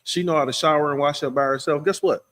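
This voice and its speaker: A man's voice: fairly high pitch, fairly even intonation, fast, fairly bright tone. A man co-hosting a casual podcast, opinionated and laughing as he talks. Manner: opinionated, laughs while talking. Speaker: podcast co-host.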